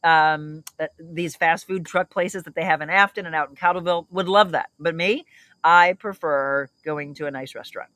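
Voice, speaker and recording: A woman's voice: low-pitched, normal speed, a bit bright, dry recording. Chatty upbeat woman livestream host. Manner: chatty, upbeat, reads viewer comments aloud. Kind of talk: casual livestream chat.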